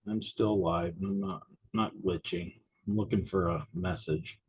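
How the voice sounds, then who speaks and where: A middle-aged man speaks in a lowish, husky voice, slightly winded, as he teaches an exam prep livestream. He is chatty and rambling and pokes fun at himself, talking into a desk mic. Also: steady tone, measured pace, darkish tone, low-quality recording. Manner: chatty, self-deprecating, rambling. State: a little winded. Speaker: insurance exam instructor.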